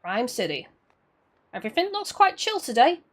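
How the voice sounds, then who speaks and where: A woman casually commenting on a game she plays, chatty and quick to laugh and react out loud. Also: high voice, very animated. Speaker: let's play streamer.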